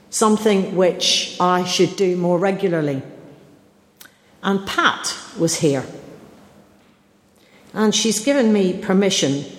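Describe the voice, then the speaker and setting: A woman delivers a sermon at a slow, deliberate pace, earnest and reflective, pausing over searching questions. Her voice rings through a roomy church with a long reverb tail. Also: medium pitch. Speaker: preacher.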